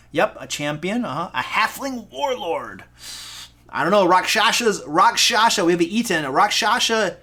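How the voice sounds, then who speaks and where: A man from Michigan with a Michigan accent, hosting a casual live stream as a dungeon master, excitable, goofy and self-deprecating. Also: sits high. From Michigan, USA. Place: home room.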